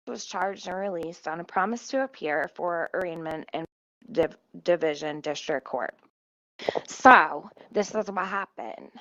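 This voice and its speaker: A woman's voice: medium pitch, animated, unhurried, sharp tone, dry recording. A woman telling a story in a casual, profane rant, swearing often, recorded at home in her kitchen. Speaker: vlogger. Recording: muffled dry home recording.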